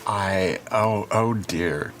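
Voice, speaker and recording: Male player, low and slow, polite and hesitant. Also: fairly bright tone. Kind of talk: in-character tabletop play.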